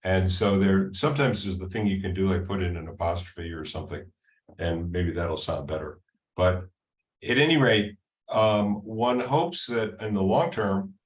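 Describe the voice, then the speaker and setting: A man presenting at a user group meeting, walking through a software demo in a casual, halting way with ums and restarts. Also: low voice. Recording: echoey room sound.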